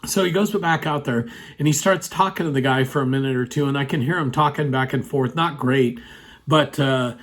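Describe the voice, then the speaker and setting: A man's voice: medium pitch, moderate pace, fairly bright tone. A man telling a personal story in a casual, rambling way, full of "you know" fillers, sitting at his computer indoors.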